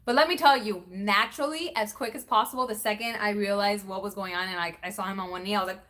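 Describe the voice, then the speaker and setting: A young woman vlogger chatting casually, acting out quoted lines with big jumps in pitch. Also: fast, fairly bright tone. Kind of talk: casual storytelling chat.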